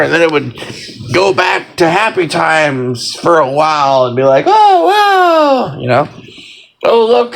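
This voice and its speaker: A man's voice: on the high side, vocal fry, fairly bright tone, poor audio. A man in a casual ranting monologue, sarcastic and profane, rambling with lots of fillers and mock-scolding.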